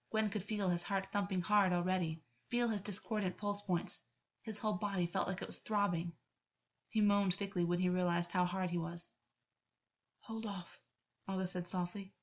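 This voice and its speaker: A woman reading a novel aloud as narrator, with a measured, even storytelling delivery. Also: mid-range voice, dull audio. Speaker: audiobook narrator. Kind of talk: scripted narration of fiction.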